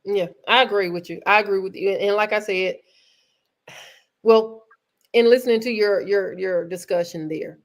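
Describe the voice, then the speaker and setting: Woman podcast host, casual talk, easygoing and chatty, middle-pitched voice. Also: normal speed. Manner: relaxed, conversational, many fillers.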